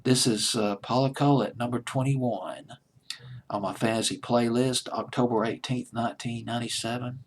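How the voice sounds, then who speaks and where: A man's voice: medium pitch, steady tone, normal speed, a little hiss or hum. A man hosting a home-made countdown show, talking casually and enthusiastically with asides and restarts. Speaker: countdown host. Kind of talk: casual radio-style countdown talk.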